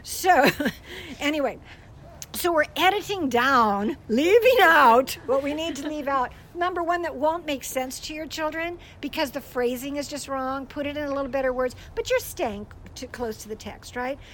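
High-voiced older woman teaching warmly. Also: moderate pace, a little hiss or hum, poor audio. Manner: animated storytelling, laughs often. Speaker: Christian speaker. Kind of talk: casual teaching talk.

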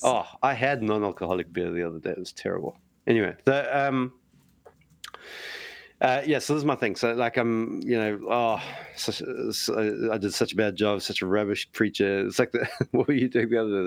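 A man's voice: medium pitch, creaky, dry recording. A man, a preacher, chatting casually and thinking aloud with frequent restarts and self-deprecation. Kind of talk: casual podcast chat.

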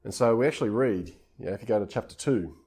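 A man's voice: on the low side, quick pace, dark tone, slightly rough. A man preaching a conversational sermon, retelling scripture informally in everyday speech.

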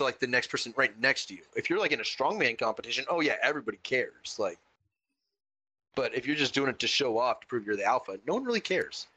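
A man's voice: mid-range voice, bright, forceful tone, poor audio. A man co-hosting a casual chat, rambling with lots of "like" and restarts. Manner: rambling, filler-heavy, restarts a lot. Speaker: podcast co-host.

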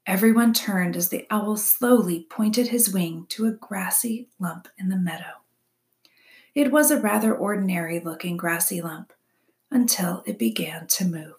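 A woman teacher reading a children's novel aloud to her class, with expressive, often hushed narration. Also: mid-range voice, a little slow. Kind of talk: read-aloud storytelling.

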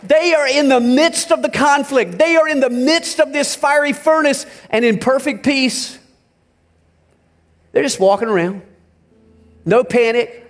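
A man preaching a sermon as pastor. He speaks emphatically, swings from soft asides to near-shouts, and talks straight to his congregation, telling them what to write down. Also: very high-pitched, unhurried, long pauses. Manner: addresses the congregation directly, asking them to take notes.

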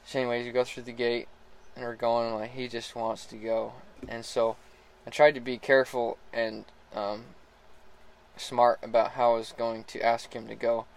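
A man casually telling a story about riding a young horse, relaxed, laughing often and restarting his sentences. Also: medium pitch, poor audio. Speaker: horse rider starting a young colt.

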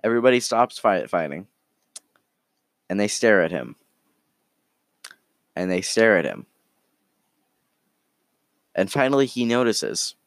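A man casually telling an improvised story in a rambling, halting way, full of restarts. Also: lowish voice, sing-song, dry recording, studio quality. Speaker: storyteller, podcast host.

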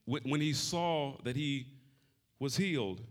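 A man preaching a sermon, calling out to the congregation and shifting between loud shouting and soft, conversational talk. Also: mid-range voice, a little slow. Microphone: wearing a mic.

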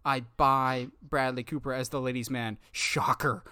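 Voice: mid-range voice, fairly even intonation, measured pace, sharp tone, clean tone, dry recording, studio quality. A co-host in a casual movie chat, opinionated and playful, speaking with emphasis. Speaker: podcast co-host.

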